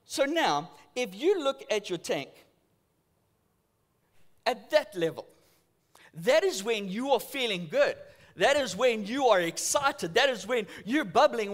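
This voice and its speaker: A man delivers a church sermon in a high, bright voice. His pitch leaps and dips constantly as he acts out little scenes and voices. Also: takes it slowly, long pauses. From South Africa. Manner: animated storytelling with acted-out voices. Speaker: pastor.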